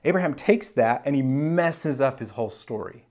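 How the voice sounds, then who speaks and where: A man's voice: mid-range voice, lively intonation, moderate pace, a little mellow. A man, a pastor, preaching a sermon in a casual, conversational Bible-teaching manner with slang.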